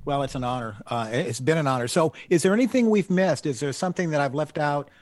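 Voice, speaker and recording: Man interviewing, warm and affirming. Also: a little high, expressive, fast, dry recording. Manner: warm affirming, brief backchannels. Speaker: guest interviewer. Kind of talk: casual interview.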